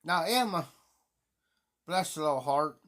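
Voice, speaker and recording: A man's voice: fairly high pitch, lively intonation, a little slow, pushed and bright. Rambling middle-aged man telling a story. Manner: rambling, repeats himself often. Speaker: live streamer. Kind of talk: casual storytelling.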